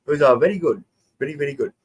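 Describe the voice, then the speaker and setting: A man's voice: on the high side, rapid-fire, husky. A man co-hosting a casual stream in a laid-back, joking way, laughing often. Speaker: regular co-host. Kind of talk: casual chat.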